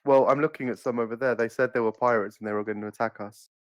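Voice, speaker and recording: Fast-talking player, defensive. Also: male voice, medium pitch, fairly even intonation, no room sound. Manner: quick, defensive, joking. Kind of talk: playing a tabletop game in character.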